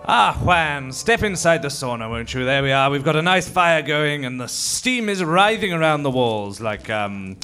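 A man's voice: a little high, expressive, normal speed, few pauses, sharp tone, faint music behind. An actor playing a dry, sarcastic upper-class English male editor in an improvised comedy radio play recorded live on stage. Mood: sardonic. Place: live stage before an audience.

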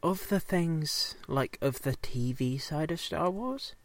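A man casually recapping a show, rambling, swearing often and slipping into quick silly character voices. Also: a little high, expressive, no room sound. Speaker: podcast co-host recapping a show. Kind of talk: casual chat.

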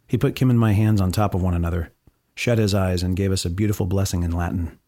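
A man's voice: low voice, steady tone, fast, dark tone, no echo, clean studio sound. An American man reading his travel diary aloud with wry, sardonic asides. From United States. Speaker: narrator.

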